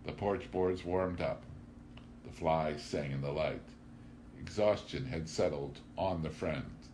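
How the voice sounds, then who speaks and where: Deep-voiced male audiobook narrator. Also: slow pace, a little mellow, slight background noise. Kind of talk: audiobook reading of a classic novel.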